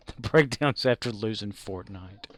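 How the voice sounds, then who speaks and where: A man's voice: lowish voice, unhurried, dry recording. A man streaming a game live, chatting casually and rambling, with plenty of fillers and restarts. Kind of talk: casual live-stream chat while gaming.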